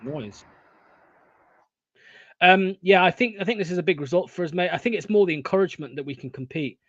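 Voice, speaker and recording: Young guy fan-commentating footy live, high voice, swears loads, kinda dull lo-fi mic. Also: a little fast, no room sound. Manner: swears a lot, swings from excited shouting to deflated muttering. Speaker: fan watchalong host. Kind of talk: live football watchalong commentary.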